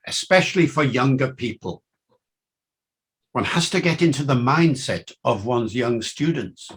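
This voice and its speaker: Husky older man with Welsh-Liverpool accent. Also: a little slow. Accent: Welsh and Liverpool mix. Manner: enthusiastic, lively pitch swings. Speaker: lecturer. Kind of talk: university lecture.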